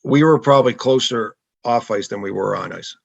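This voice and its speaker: A man's voice: mid-range voice, moderate pace, vocal fry, slightly rough, no room sound. Middle-aged man, easygoing storyteller, guest spot, muffled dry audio. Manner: laid-back anecdotal, laughs often. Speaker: guest, former hockey goalie. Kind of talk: casual podcast storytelling.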